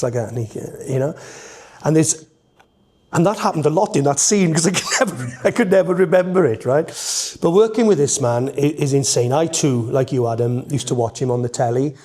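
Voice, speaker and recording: Animated Welsh man telling stories. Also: medium pitch. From Wales. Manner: animated storytelling, rambling with restarts. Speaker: entertainer. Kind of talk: podcast conversation.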